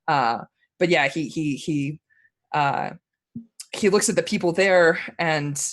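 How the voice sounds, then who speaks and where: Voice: medium pitch, slow, a bit bright. A game master narrating a tabletop role-playing game in a rambling way, with many fillers.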